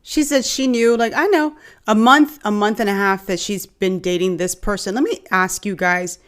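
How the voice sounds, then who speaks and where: A woman's voice: mid-range voice, fairly even intonation, normal speed, a bit bright. A woman with a Bahamian accent hosting and commenting frankly, speaking straight to her viewers. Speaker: host reacting to a clip.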